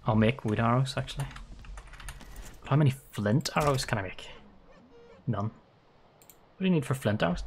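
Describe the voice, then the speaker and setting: Excitable man streaming a game. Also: mid-range voice, moderate pace, long pauses, slight background noise. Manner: playful, excitable, laughs often. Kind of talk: live gameplay commentary.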